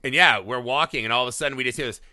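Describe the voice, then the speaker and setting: A man in his thirties co-hosting a casual film podcast, telling stories in an animated way, swearing often and tagging lines with "right?". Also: mid-range voice, racing, dry recording, studio quality. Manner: animated storyteller, swears a lot, keeps asking "right?". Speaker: podcast co-host.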